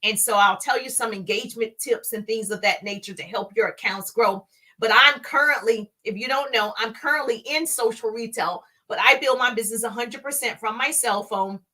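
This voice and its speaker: A middle-aged woman telling her own story in a casual, animated way as she teaches social media marketing, laughing often and breaking into playful exclamations. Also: on the high side, normal speed.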